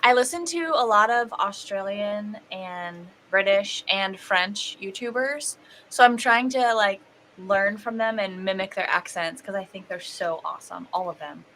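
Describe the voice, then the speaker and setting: Female co-host, bright tone, chatty, playful, faint background noise. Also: medium pitch, unhurried. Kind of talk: casual live-stream chat.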